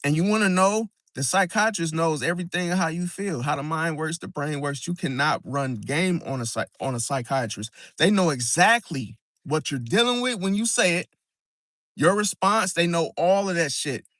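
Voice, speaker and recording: A man's voice: a little high, moderate pace, fairly bright tone, no echo, studio quality. A man hosting an astrology video, talking casually and emphatically, keeps asking "see?" and calling the listener "bro", often restarting and repeating words as he explains. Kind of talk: casual monologue to camera.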